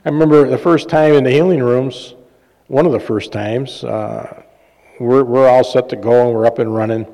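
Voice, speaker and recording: A man's voice: mid-range voice, moderate pace, creaky, mellow. A man preaching a sermon, telling personal stories in a conversational, joking way with fillers and laughs. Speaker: pastor and healing minister. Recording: long reverb of a large hall.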